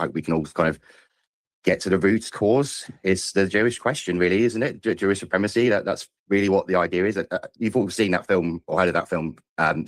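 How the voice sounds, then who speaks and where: Caller: British man, very low voice, rapid stammering delivery, dry close sound. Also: dry recording. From Britain. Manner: rushed, stammering, repeats words. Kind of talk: call-in rant.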